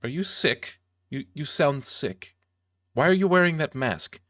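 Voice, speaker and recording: Casting: a man playing a jumpy dwarf librarian, stammering, pitched up and loud, dry close sound. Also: expressive, measured pace, no room sound. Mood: flustered. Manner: stammering, anxious and rambling. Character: nervous, jittery male dwarf librarian.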